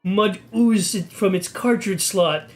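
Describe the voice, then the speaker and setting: A man giving a mock-serious, deadpan reading of an amateur horror story, stumbling over the text now and then. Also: high voice, slow, faint music behind. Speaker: video creator reading a story.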